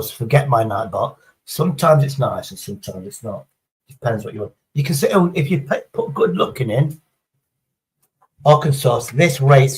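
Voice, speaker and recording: A man's voice: medium pitch, low-quality recording. Rambling, foul-mouthed man streaming. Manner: rambling, heavy swearing, chatty storytelling. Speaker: live streamer. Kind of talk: casual live-stream chat.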